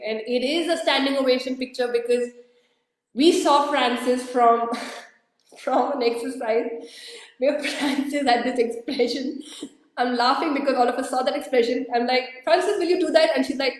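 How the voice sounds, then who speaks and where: A woman's voice: fairly high pitch, very echoey, rough recording. A woman hosting an online workshop showcase, talking in an effusive, emotional way over a video call. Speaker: workshop host.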